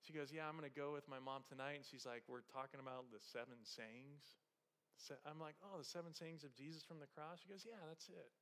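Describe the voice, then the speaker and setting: A male pastor preaching a sermon, moving from soft conversational storytelling with humor to raised, passionate exhortation. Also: on the high side, a little fast.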